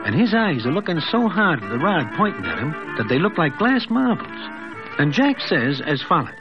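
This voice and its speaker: A folksy male narrator of an old radio drama, fairly high and lively, spinning the tale in chatty present tense. Loud music plays behind him, and the sound is dull and muffled. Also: normal speed. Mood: storytelling.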